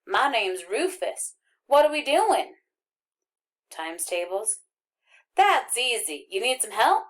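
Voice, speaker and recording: A woman's voice: on the high side, big pitch swings. A woman reading an audiobook, voicing a friendly, boastful country boy from Arkansas with a folksy drawl. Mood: friendly, curious. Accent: rural Arkansas. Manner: folksy drawl, jabbering fast and eager.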